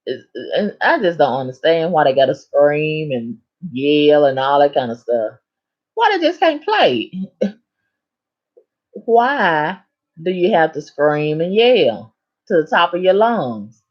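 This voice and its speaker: A woman hosting a live stream in casual chat, reading viewer comments aloud and answering them in a sassy, animated way with big swings in pitch. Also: slow pace, highs cut off.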